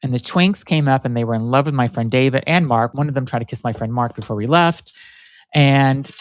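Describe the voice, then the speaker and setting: A fairly quick, medium-pitched man's voice, not very masculine, in a dry recording. He hosts his own podcast, a casual solo chat where he rambles with plenty of fillers and restarts.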